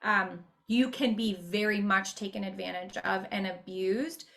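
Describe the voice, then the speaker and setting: Chatty young woman guest, bright and forceful tone, laughs easily. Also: mid-range voice, fairly even intonation, creaky. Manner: chatty, laughs often, quick asides. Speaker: voice actor guest. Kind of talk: casual interview chat.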